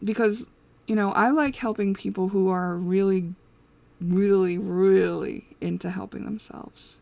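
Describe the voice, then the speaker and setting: Creaky-voiced woman giving casual advice. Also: medium pitch, fairly even intonation, a little slow, darkish tone, dry recording. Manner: rambling, candid, laughs often, many fillers. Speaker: intuitive reading host.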